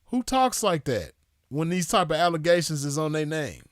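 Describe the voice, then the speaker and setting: A man's voice: a little high, very animated, normal speed, dry recording, studio quality. A man giving casual commentary in a loose, drawling way, with a scornful edge.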